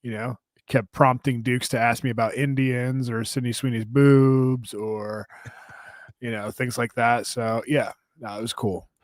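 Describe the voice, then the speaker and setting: A tired man co-hosting a podcast, rambling along with lots of fillers and poking fun at himself. His mid-pitched voice comes through close and dry, with no room sound. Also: steady tone, a little slow, no room sound. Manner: rambling, self-deprecating, with many fillers. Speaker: podcast co-host. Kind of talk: casual chat.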